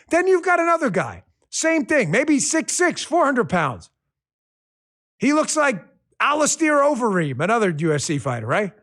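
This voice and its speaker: A middle-aged man hosting a political podcast, combative and mocking, who swings from shouted insults to quiet muttered asides. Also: high voice, big pitch swings, normal speed. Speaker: podcast host. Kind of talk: political commentary.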